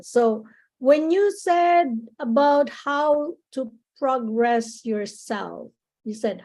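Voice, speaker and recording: A woman's voice: fairly high pitch, mellow, poor audio. A woman tutoring English speaking on a video call, patiently explaining words and encouraging her students. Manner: patient, encouraging, explains slowly with many restarts. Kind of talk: online English lesson.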